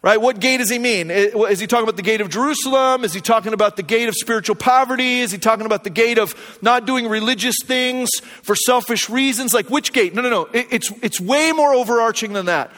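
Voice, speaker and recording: Pastor, male, very high voice, earnest sermon delivery with hushed emphatic drops, reverberant church hall. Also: fast. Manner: earnest, varies pace, drops to a low hush for emphasis. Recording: long reverb of a large hall.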